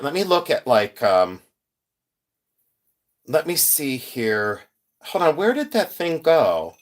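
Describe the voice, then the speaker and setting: A man's voice: a little high, a bit bright. Chatty man hosting a jewelry live stream. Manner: chatty, rambling, reads chat aloud, laughs often. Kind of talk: casual live-stream chat.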